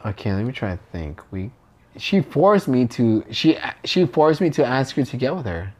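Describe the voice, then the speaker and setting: A man's voice: mid-range voice, sing-song, normal speed, a little mellow. A young man co-hosting a podcast with his girlfriend, chatting casually and crudely while a bit tipsy. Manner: joking, crude, playfully teasing. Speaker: podcast co-host. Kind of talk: casual couple chat.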